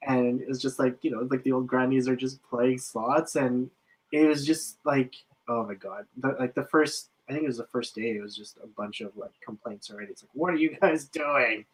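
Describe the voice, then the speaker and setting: A man's voice: medium pitch, fairly even intonation, brisk, husky, low-quality recording. A man, a casino dealer, chatting and laughing through his work stories. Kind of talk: casual chat.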